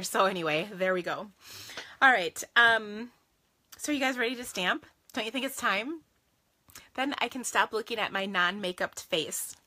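A woman's voice: fairly low pitch, pushed and bright, slightly rough. A woman hosting a live card-making stream, talking casually and rambling with frequent laughs. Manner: chatty, rambling, laughs often. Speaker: stamping and card-making host.

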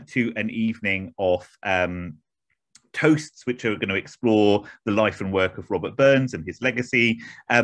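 Over a video call on a computer mic, a man with an English accent hosts an online academic evening. His voice sits on the low side with a fairly bright tone and a dry recording, and he introduces the speakers hesitantly and self-deprecatingly.

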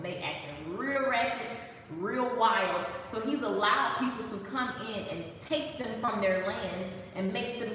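A woman giving a casual, animated devotional talk, playful and preachy and full of laughs. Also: a little high, very echoey, long reverb tail, distant mic, a little hiss or hum, rough recording. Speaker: faith talk host.

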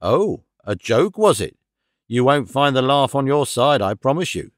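A man's voice: mid-range voice, big pitch swings, measured pace, no room sound, clean studio sound. A man voicing a blunt, proud police inspector in an audiobook reading.

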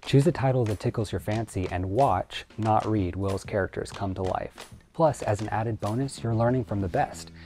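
A young adult man, an acting coach, giving scripted instructional narration in a clear, measured, lightly playful tone. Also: lowish voice, mellow, faint music behind.

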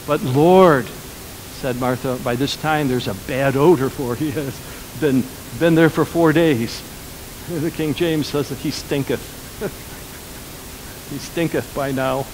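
A man pastor preaching a sermon, swinging between loud, emphatic lines and quiet, lowered ones. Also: noisy background.

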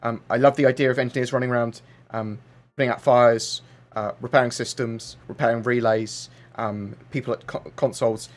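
This livestream host has a medium-pitched voice with fairly even intonation and a brisk delivery. He reads out questions from viewers and answers in a loose, chatty ramble full of fillers.

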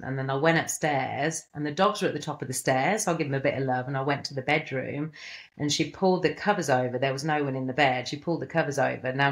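A middle-aged woman telling a personal story in a rambling, emotional way, with many fillers and restarts. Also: sits low. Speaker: guest.

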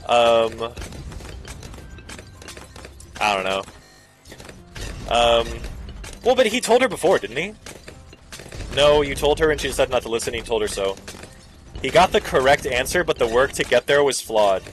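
A man casually commenting over a video game, ranting and sarcastic, swearing freely and jumping into squeaky high bits. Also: expressive, a little slow, pauses often, a little hiss or hum. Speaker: gaming video host.

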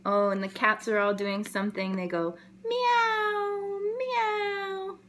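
A woman educator reading a picture book aloud to young children, telling the story gently and expressively and adding sound effects. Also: medium pitch, flat delivery, fairly quick, slight background noise.

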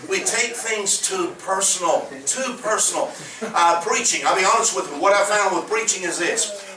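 Older southern preacher man, rambly folksy stories, bright voice, echoey church from far off. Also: high-pitched. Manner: folksy storytelling, rambling with many fillers. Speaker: pastor. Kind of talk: sermon. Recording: echoey room from a distance.

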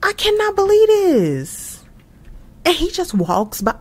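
A young woman hosts a casual gameplay commentary, talking straight to her viewers with plenty of exclamations. Her intonation swings widely while her pace stays relaxed and unhurried. She sounds expressive and quick to react. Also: very high voice. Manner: frequent laughs. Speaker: gaming channel host.

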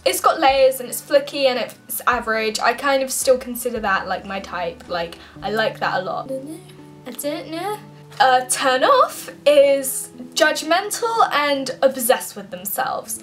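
A young woman from England chats to camera in a bright, high voice that swoops up and down. She giggles often between points. Faint music sits under her talk. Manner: giggly, bubbly, breaks into frequent laughs. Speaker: vlogger.

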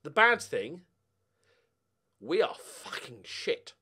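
A man giving casual commentary over a football management game, muttering and then bursting out in loud swearing. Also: on the high side, big pitch swings, slow pace, breathy edge. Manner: swears a lot, swings from mutters to angry outbursts. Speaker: gaming YouTuber.

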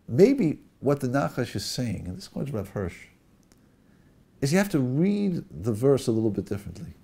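A man gives an animated sermon-style Torah lecture and explains each point directly to his listeners. His voice has a gravelly roughness and a husky edge. His pitch rises and falls freely. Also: normal speed. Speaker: rabbi.

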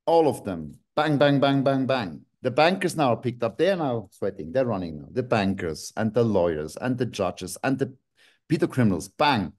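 A man's voice: mid-range voice, very animated, normal speed, darkish tone. A man, a guest on a video call interview, ranting angrily, swearing and breaking into sudden outbursts. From Switzerland.

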